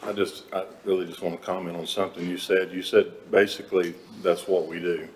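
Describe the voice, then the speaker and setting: Deep-voiced man making a sincere remark. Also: flat delivery, fairly quick, slight background noise. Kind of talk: comment at a public meeting. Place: county board meeting room.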